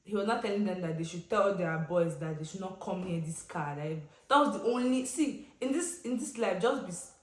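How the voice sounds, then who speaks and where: A young Nigerian woman vlogger telling a casual storytime, chatty and expressive, with slang and pidgin asides. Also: on the low side, fairly quick, hardly any pauses. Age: young adult. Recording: roomy echoey room.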